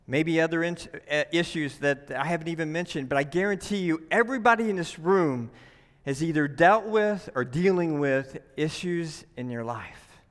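A man delivers a sermon in a church sanctuary, pressing each point home and checking in with the room. His voice sits high and sounds bright and edgy, with a long hall reverb trailing behind. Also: moderate pace. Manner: emphatic, says "right?" often. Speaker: pastor.

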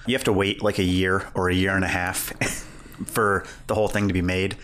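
A man's voice: sits low, little pitch movement, normal speed, fairly bright tone. A man co-hosting a podcast, chatting casually about comics with frequent laughs and rambling asides. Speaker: podcast co-host. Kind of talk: casual chat.

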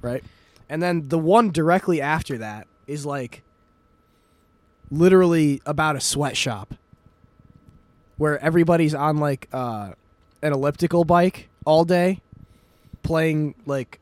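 Male podcast host, casual rambling storyteller, slightly high voice, dry close sound. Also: a little slow, pauses often, a little mellow, no room sound. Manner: rambling retelling full of "like" fillers and swearing. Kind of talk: casual chat.

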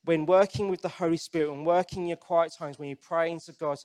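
A man preaches a sermon in a conversational, earnest way, his slightly high voice steady, a little mellow, and fairly quick. He often restarts sentences and puts direct questions to the congregation.

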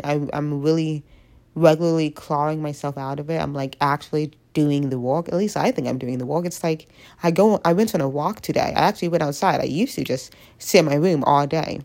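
Her voice is deep, gravelly, and darkish. She's a young adult vlogger with a stuffy head cold, doing a casual confessional chat that wanders, jokes, and pokes fun at herself.

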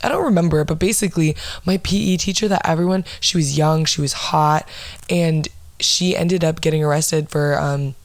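Low, blunt, swearing young woman. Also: normal speed, no room sound. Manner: blunt, heavy swearing, dramatic asides. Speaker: podcast host. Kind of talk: casual profane storytelling rant.

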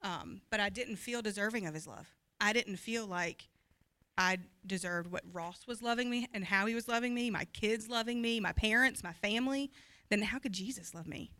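A woman in her thirties giving a candid, earnest personal testimony to a church group, talking fast at times and laughing easily. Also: medium pitch, pushed and bright. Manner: open and earnest, quick when anxious, laughs easily. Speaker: pastor's wife sharing her story.

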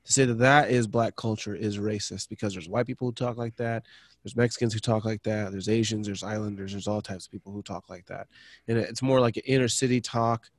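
A man's voice: fairly low pitch, steady tone, brisk, dry recording. A man co-hosting a podcast, talking in a rambling way that trails off, swearing freely. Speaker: podcast co-host. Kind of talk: casual chat.

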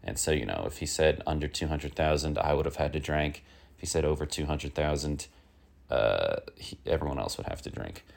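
A man's voice: a bass voice, animated, fairly quick, creaky. A man hosting a one-man comic news show, rambling with lots of fillers and sliding into irritable rants. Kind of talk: casual rambling comic monologue.

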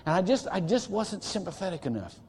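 A man's voice: sits high, sing-song, a little fast, darkish tone, husky. A man preaching a sermon as pastor, earnest and emphatic, with repeated phrases and restarts. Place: church sanctuary. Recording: church hall reverb.

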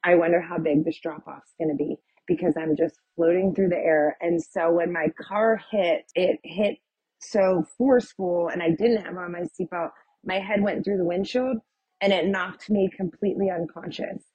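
A woman's voice: fairly low pitch, normal speed, a little mellow, husky, no echo, muffled recording. A woman guest telling her personal testimony in a vivid retelling full of "like" and "um". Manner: vivid retelling, with many "like" and "um" fillers.

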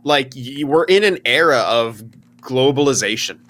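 A man's voice: medium pitch, expressive, normal speed, fairly bright tone. A man co-hosting a casual sports chat, talking bluntly in rambling, profane bursts. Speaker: podcast co-host.

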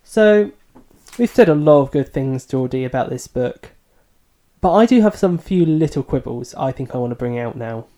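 A man co-hosting a book podcast. His voice is mellow and warm, and his delivery is thoughtful and a little self-deprecating, as he hedges his opinions in a casual chat. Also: medium pitch, expressive, moderate pace. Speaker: podcast co-host.

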